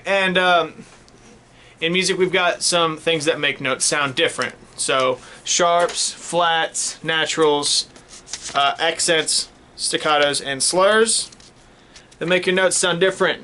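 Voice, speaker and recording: Bright-voiced man teaching drum lesson. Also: on the high side, unhurried, a little hiss or hum. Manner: patient, checks in with "okay?". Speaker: music teacher. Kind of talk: casual classroom instruction.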